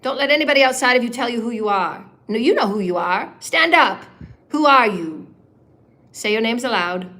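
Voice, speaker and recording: A woman leading a live guided meditation as a spiritual healer, giving slow, soothing instructions and breaking into rapid, rhythmic chanted syllables. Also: a little high, lively intonation, bright, forceful tone.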